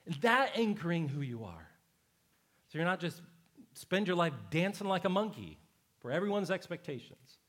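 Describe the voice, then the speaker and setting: A man's voice: sits high, sing-song, normal speed, fairly bright tone. A middle-aged male pastor preaching a sermon, conversational and emphatic, with repeated phrases for stress.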